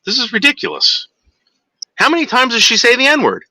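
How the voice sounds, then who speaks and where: A man's voice: very high voice, expressive, fairly quick, pushed and bright, no echo. A man ranting heatedly to his viewers in a monologue, with profanity and frequent restarts. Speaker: vlogger.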